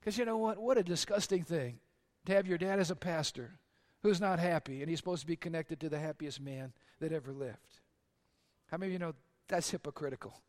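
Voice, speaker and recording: High-voiced earnest preaching man. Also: fairly quick. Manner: earnest storytelling preacher, drops low and quiet for confessions, lifts for punchlines. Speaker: pastor. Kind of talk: sermon.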